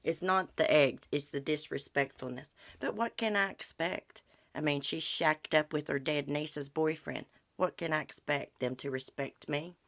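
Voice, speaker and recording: A woman's voice: low-pitched, measured pace, vocal fry, a bit bright, no room sound. A middle-aged woman hosting a livestream, ranting heatedly in folksy casual talk and answering viewer comments. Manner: heated, indignant, folksy rural talk with swearing. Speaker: livestream host.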